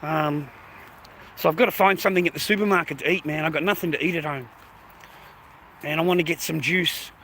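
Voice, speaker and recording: Bright-voiced rambling Australian man. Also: fairly high pitch, a little hiss or hum. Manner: chatty, rambling, peppers speech with "mate" and "bro", swears. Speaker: live streamer. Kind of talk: rambling walk-and-talk live stream. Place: outdoors, walking along streets. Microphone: phone held while walking.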